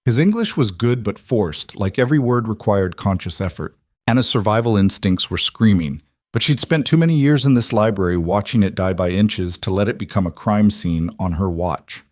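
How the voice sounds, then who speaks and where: A man's voice: on the low side, animated, normal speed, a little mellow, dry recording, studio quality. A man reading scripted narration of a tense story in a dramatic, suspenseful way.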